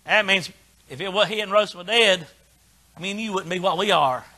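An older man preaching a folksy Baptist sermon in short punchy lines that swing from quiet asides to shouting. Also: high voice, a little fast. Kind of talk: fiery sermon.

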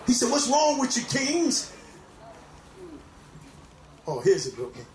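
A man preaching a sermon, often shouting and crying out hallelujah. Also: very high-pitched, wildly swooping pitch, unhurried, long pauses, roomy sound, a little hiss or hum. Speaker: pastor. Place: church.

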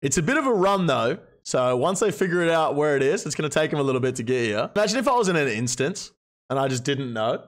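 An excitable male host runs an online game event, cheering each player along. His voice swings widely and sits higher than most men's. He gets loud whenever someone does well. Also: fast talker. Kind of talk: excited live-stream commentary and interviews.

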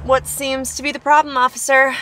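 A woman's voice: high-pitched, level tone, brisk, sharp tone, slight background noise. A woman playing a sarcastic, indignant driver pulled over by police in a comedy sketch.

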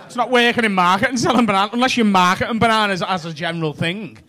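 A man doing stand-up crowd work in a comedy club, teasing the audience with quick banter. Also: sits high, bright, forceful tone. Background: audience laughter.

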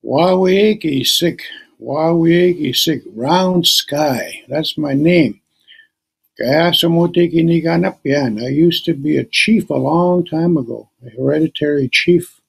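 A man voicing a frail, grateful old retired hereditary chief who speaks slowly. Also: a little high, vocal fry, husky, full character voice.

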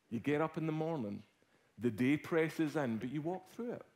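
Animated Scottish man preaching. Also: on the high side, normal speed. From Scotland. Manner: animated storytelling, swinging from hushed to loud. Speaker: guest preacher. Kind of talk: sermon with personal story.

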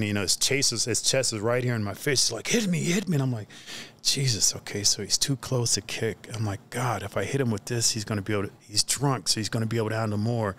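A man telling stories in a casual podcast chat, animated, acting out the people in his stories. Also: lowish voice, slight background noise. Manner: animated storyteller who acts out the other people in his stories loudly. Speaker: podcast guest.

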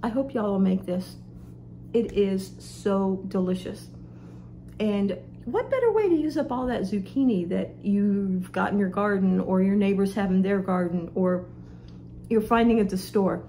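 A woman's voice: mid-range voice, expressive, unhurried, dark tone, slight background noise. Chatty woman hosting a cooking show. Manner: chatty, homey, talks straight to viewers. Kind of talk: casual cooking demonstration. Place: home kitchen.

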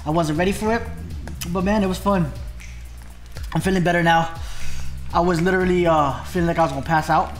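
A man's voice: high-pitched, steady tone, fairly quick, long pauses, faint music behind. A man vlogging a spicy food challenge in a casual way, groaning and exclaiming between bites. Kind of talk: casual mukbang vlog.

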